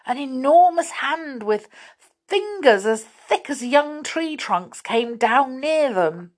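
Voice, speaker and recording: A woman reading a children's storybook aloud as the storyteller, in an expressive, lively way. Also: high voice, slow pace.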